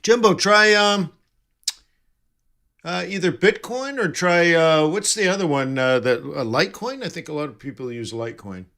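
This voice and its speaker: A man with a somewhat high, animated voice, bright and forceful, hosts a live trading stream at a moderate pace. He chats and jokes with viewers, reading their comments and answering them.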